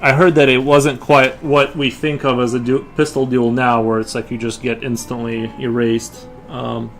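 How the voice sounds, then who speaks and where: A man's voice: mid-range voice, flat delivery, moderate pace, soft background music. A man chatting casually with his viewers while drawing on a livestream, rambling with frequent restarts. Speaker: livestream artist.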